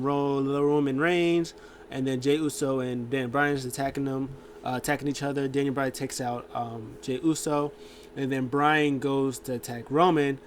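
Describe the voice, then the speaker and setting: A man's voice: medium pitch, a little hiss or hum. A man hosting a casual show, rambling through a recap with lots of fillers and acted-out quotes. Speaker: show host.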